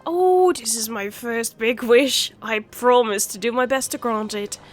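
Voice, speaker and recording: A woman's voice: fairly high pitch, a little slow, faint music behind, lightly acted. Woman doing a squealy little wish creature. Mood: eager. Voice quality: squealy, exclamatory. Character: bubbly tiny magical wish creature, eager.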